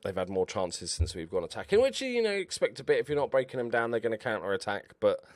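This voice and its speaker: A man commentating over his own football management game, excitable and swearing at his players. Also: fairly low pitch, quick pace, dry recording. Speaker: gaming YouTuber. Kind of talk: Let's Play commentary.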